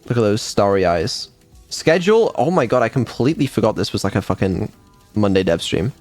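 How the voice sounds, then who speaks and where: A man's voice: on the low side, big pitch swings, fairly quick, a little mellow, dry recording, soft background music. A man, a developer and streamer, chatting casually on a live dev stream, laid-back and mumbling, with ums and the odd swear.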